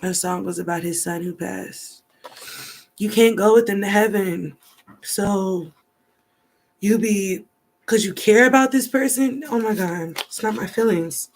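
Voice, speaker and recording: A woman's voice: medium pitch, measured pace. A woman giving a rambling, chatty tarot card reading, thinking aloud as she goes. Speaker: tarot reader.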